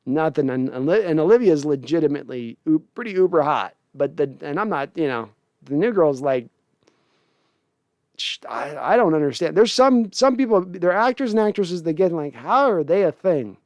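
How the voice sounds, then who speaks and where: A man with a fairly high voice hosts a casual livestream, reading viewer messages aloud. He jokes, curses freely and laughs a lot. He is recorded close on a mic in a dry room. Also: lively intonation, moderate pace, a little mellow, no echo. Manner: laughs often, joking and profane. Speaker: podcast host reading live chat.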